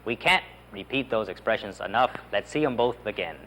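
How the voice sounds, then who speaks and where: A man's voice: fairly low pitch, animated, brisk, pushed and bright. A man teaching a beginner Spanish lesson, drilling phrases and urging learners to repeat. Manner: enthusiastic, drills phrases with repeat-after-me prompts. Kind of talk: animated language lesson.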